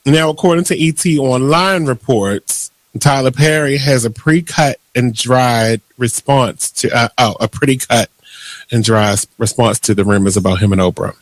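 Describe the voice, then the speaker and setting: A man's voice: medium pitch, moderate pace, dry recording. A man hosting a radio talk show, ranting animatedly and laughing often. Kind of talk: casual radio chat.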